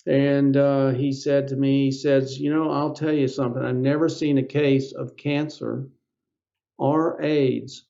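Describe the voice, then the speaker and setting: Older man with a gravelly voice, telling a story. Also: mid-range voice, little pitch movement, a little slow, dark tone. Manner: rambling, acts out quoted dialogue. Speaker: podcast guest. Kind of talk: anecdotal storytelling. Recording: dull lo-fi audio.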